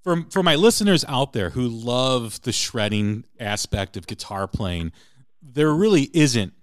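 A male podcast host asking rambling questions with the excitement of a fan. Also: mid-range voice, no room sound, clean studio sound. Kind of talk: casual interview chat.

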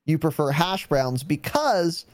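A man's voice: a little high, sing-song, unhurried, dry recording. A man in his twenties co-hosting a podcast in casual chat, blunt, profane and teasing. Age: 20s. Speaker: podcast co-host.

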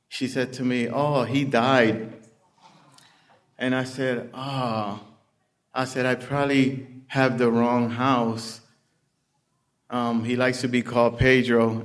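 A man slowly recounting a personal story in a casual, conversational way, with many "you know" asides. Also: mid-range voice. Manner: slow, conversational, full of "you know" fillers. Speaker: storyteller in recovery.

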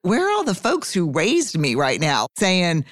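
A woman's voice: fairly low pitch, wildly swooping pitch, measured pace, no echo, studio quality. A middle-aged woman hosting a podcast conversation, candid and earthy, with casual swearing. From Texas. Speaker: podcast host.

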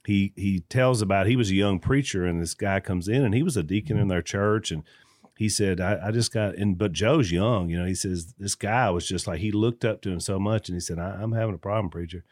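A man's voice: deep voice, a little fast, darkish tone, dry recording, clean studio sound. A man co-hosting a podcast, chatting casually and telling a story, acting out the people in it. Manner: storytelling, acts out voices in anecdotes. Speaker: podcast co-host. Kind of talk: casual chat.

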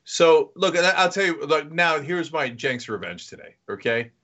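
Animated man telling a comic story. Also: fairly high pitch, moderate pace. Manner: animated storytelling with acted-out quotes. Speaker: podcast co-host. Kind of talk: casual comedic chat.

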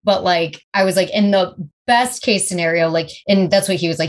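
Woman podcast guest, lower voice, relaxed chatty storytelling. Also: brisk, hardly any pauses. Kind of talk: casual chat.

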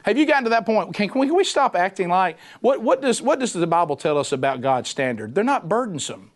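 Middle-aged male preacher, rather high voice, animated and chatty sermon delivery. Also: fast talker. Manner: animated, conversational, punchy repetition. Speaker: preacher, former radio host.

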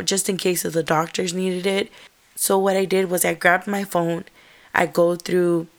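Young woman, lowish steady voice, earnest first-person storytelling, halting with restarts.

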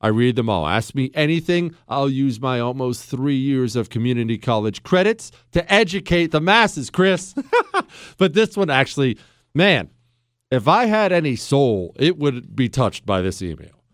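A man hosting a talk radio show, joking sarcastically and swinging between mock outrage and quiet earnest talk into a studio mic. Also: mid-range voice, big pitch swings, moderate pace, no room sound. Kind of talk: conservative talk radio monologue. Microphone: studio microphone.

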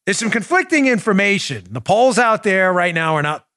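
A man's voice: high voice, expressive, normal speed, bright, forceful tone, dry recording, clean studio sound. A middle-aged man hosting a political commentary podcast, talking in a sarcastic, mocking and emphatic way. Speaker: podcast host, former police officer.

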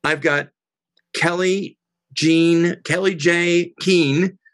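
A middle-aged woman as an interview guest, telling a heated story in an animated, indignant way. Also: fairly low pitch, drawn-out words, no echo. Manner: animated, indignant, quotes others.

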